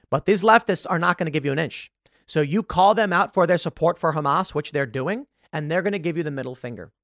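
Animated, argumentative male commentator. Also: fairly high pitch, no room sound, clean studio sound. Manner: emphatic, argumentative, self-correcting. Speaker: host. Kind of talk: political commentary monologue.

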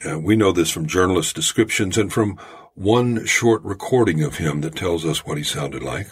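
Deep, husky-voiced storytelling podcast host. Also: male voice, moderate pace. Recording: home-made podcast audio.

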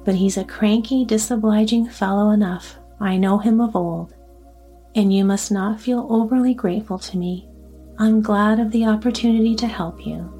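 A woman voicing a calm, courteous man who reassures an old lady, in a storybook reading. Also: medium pitch, moderate pace, breathy edge, faint music behind. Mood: reassuring. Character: calm kindly dark-haired man stranger.

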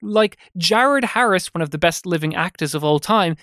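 A man co-hosting a podcast, casually reviewing a film with animated, sweary retellings of scenes. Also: high-pitched, normal speed, dry recording, clean studio sound. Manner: animated, sweary, acts out scenes in quoted voices. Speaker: podcast co-host.

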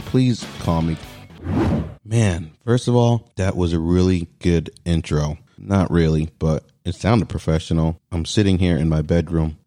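Low-voiced man ranting a comic story. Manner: animated, exasperated rants with mock dialogue. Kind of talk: comedic storytelling monologue. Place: bedroom.

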